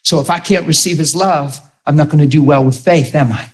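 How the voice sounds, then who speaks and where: A middle-aged man preaching a sermon, telling stories with animated emphasis. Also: fairly high pitch, a little fast. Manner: animated, rises to near-shouting when retelling a story. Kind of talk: sermon storytelling.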